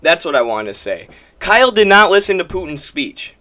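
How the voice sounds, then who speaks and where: A man's voice: fairly high pitch, big pitch swings, normal speed, pushed and bright. A man from the American Midwest giving emphatic, combative political commentary, hammering his points through repetition.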